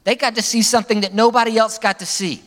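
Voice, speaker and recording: A male pastor delivering a sermon in an animated manner, his pitch jumping up for emphasis and sinking low at the end of phrases. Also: fast talker, long reverb tail.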